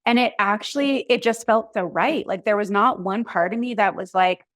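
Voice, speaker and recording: Woman, 30s, coach guest on a podcast; mid-pitched, chatty storyteller, dry close recording. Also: normal speed, no echo. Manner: chatty, animated storytelling with many "like"s. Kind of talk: casual conversational interview.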